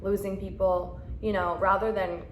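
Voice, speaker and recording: A woman's voice: medium pitch, flat delivery, moderate pace, a little hiss or hum. A young woman vlogger giving frank, chatty advice and acting out quoted thoughts. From Canada. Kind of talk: casual advice chat. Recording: roomy echo.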